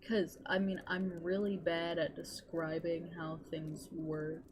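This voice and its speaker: A woman's voice: on the low side, level tone, slow, noisy background. Rambling young woman streamer. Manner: rambling, swearing, gushing. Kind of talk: casual chat.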